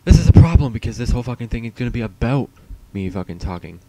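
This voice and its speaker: A man's voice: mid-range voice, animated, quick pace, dark tone. A man streaming alone, rambling in a profane, self-mocking way while he waits for his stream to start. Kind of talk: casual solo livestream chatter.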